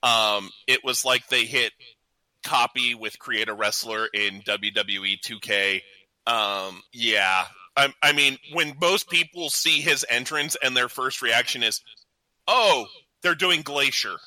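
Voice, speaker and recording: A man's voice: mid-range voice, steady tone, a little slow, sharp tone, dry recording, low-quality recording. A man co-hosting a casual wrestling talk show, rambling and self-deprecating. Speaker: co-host, the intern.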